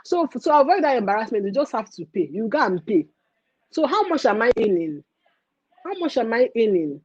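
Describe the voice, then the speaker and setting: A young woman with a Nigerian accent hosting a casual livestream rant, animated and mixing in pidgin phrases. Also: fairly high pitch, brisk, husky, no room sound, dull audio. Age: young adult. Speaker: livestream host.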